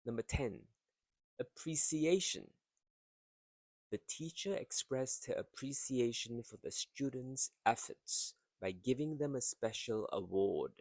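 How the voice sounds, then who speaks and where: A man teaching English vocabulary, drawing out each word slowly and carefully to show its rhythm and stress. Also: mid-range voice, lively intonation, dry recording. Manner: slow, careful, drawn-out pronunciation drills. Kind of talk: vocabulary lesson.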